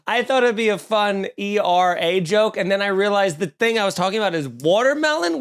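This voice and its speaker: A man's voice: high-pitched, animated, a little fast, few pauses, fairly bright tone, clear, resonant tone. A man with a Long Island accent hosting a comedy podcast, talking in a snarky, sarcastic, rambling rant. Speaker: podcast host. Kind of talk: comedic ranting chat. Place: at home with windows open.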